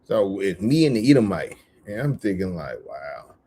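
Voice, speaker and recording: A man telling a casual story, animated, often laughing and repeating himself. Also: low-pitched, moderate pace, a little hiss or hum. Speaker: vlogger.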